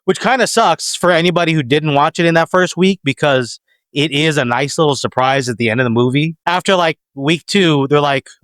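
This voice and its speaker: A man's voice: on the high side, a little fast, no echo. A man co-hosting a podcast, chatting casually and giving strong opinions, sometimes restarting his sentences. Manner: animated, opinionated, trails off with restarts. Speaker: podcast co-host. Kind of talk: casual chat.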